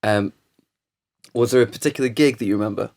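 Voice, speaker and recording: A man's voice: medium pitch, fast, gravelly. Male host, easygoing couch-chat talker, rambles through stories with energy. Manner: rambling, animated storytelling with laughs. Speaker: podcast host. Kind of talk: casual chat. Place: studio couch.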